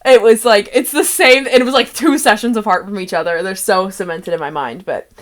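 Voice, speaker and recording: A young woman who runs the game chats loosely about past sessions, her thoughts tumbling out with frequent giggles. Her voice sits at an ordinary middle pitch and her talk drifts easily from one memory to the next. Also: brisk. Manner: rambling, giggly, laughs often between thoughts. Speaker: game master and host. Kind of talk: casual chat about a tabletop campaign.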